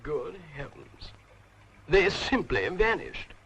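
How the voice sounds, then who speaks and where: A man's voice: on the high side, sing-song, slow pace, a bit bright, heavily acted, low-quality recording. An actor playing a snooty, upper-class male horse with an English accent in an old puppet show. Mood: startled. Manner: upper-class drawl, fussy. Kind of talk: 1960s TV puppet show acting. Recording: old TV soundtrack with music underneath.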